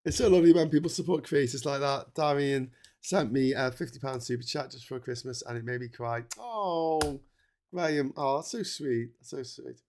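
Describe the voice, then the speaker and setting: Chatty man hosting a livestream. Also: medium pitch. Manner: excitable and chatty, quick to laugh, many restarts. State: tired from a long stream. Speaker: livestream host. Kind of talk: casual livestream chat, reading out viewer messages.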